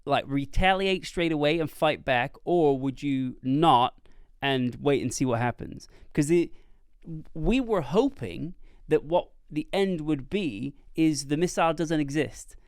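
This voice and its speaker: A man with a somewhat high, smooth and clear voice, co-hosting a casual movie podcast. He recounts scenes in an animated way. The sound is close and dry. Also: a little slow, no echo. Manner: animated storytelling, laughs often. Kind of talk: casual chat.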